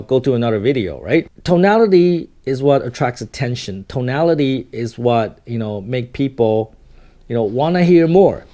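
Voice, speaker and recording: Man swinging from loud bursts to calm lows. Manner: loose and profane, full of "you know" and "right?". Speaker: self-help video host. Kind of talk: casual motivational talk to camera.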